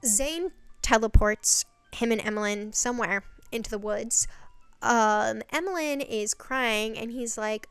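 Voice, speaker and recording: Woman host, casual recap, sarcastic and exasperated, smooth clear voice, dry close mic. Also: a little high, a little slow, no room sound. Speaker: video essay host.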